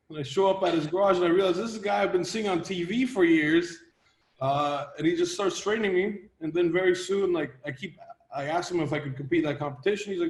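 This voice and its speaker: A man in his thirties from Latvia, a strongman guest telling his story in a steady, measured way in a casual interview. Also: high voice. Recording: roomy echo.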